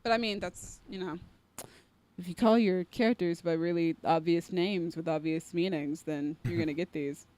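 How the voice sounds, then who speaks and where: A woman's voice: on the low side, fairly even intonation, moderate pace, dark tone, no echo. A young woman co-hosting a casual podcast chat, eager and chatty, steering the conversation. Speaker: podcast co-host.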